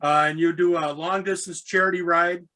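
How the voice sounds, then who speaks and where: Bright-voiced man hosting a chat. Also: high voice, fairly even intonation, normal speed, rough recording. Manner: easygoing, repeats words while leading questions. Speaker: podcast host. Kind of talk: casual interview.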